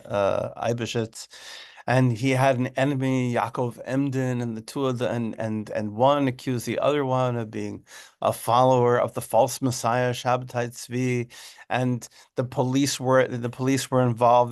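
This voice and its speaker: A man with a mid-range voice gives an informal, animated class talk on a religious text. He repeats words and often asks "right?"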